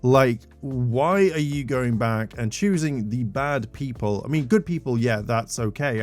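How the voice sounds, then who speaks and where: A man's voice: medium pitch, darkish tone. A man giving an exasperated, indignant commentary rant to his channel's viewers, swearing when worked up. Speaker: commentary YouTuber. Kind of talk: ranting commentary.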